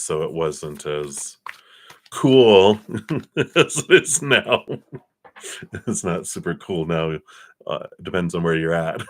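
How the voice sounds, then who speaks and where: Low-voiced man giving a tarot reading. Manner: relaxed, laughs often, reads viewer names and thanks donors. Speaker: tarot card reader. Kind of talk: live-stream tarot reading.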